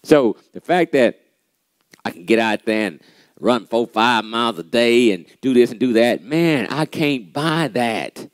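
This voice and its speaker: A man hosting a motivational church pep talk, animated and preachy, often saying "man" and repeating key lines for emphasis, with a playfully sarcastic edge. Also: medium pitch, moderate pace, no echo.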